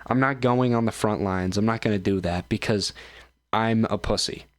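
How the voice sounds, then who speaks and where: A man's voice: fairly low pitch, normal speed, no room sound. A man hosting his own show, ranting profanely and rambling through reaction commentary with lots of fillers. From United States. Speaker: streamer and show host.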